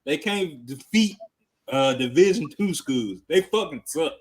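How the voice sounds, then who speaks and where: A man co-hosting a sports podcast, loudly trash-talking rival teams with profanity and laughter. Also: fairly high pitch, expressive, measured pace. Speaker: podcast co-host. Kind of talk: casual sports chat.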